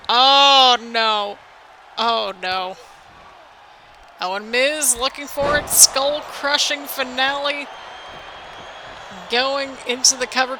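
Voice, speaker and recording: A woman calls the action of a wrestling video game with a bright, sharp tone. She exclaims constantly and frets aloud to her viewers. The delivery is excitable play-by-play with a faint hiss behind it. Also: sits high, rough recording. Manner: excitable, anxious, exclaims often, addresses viewers as people. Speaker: gaming video host.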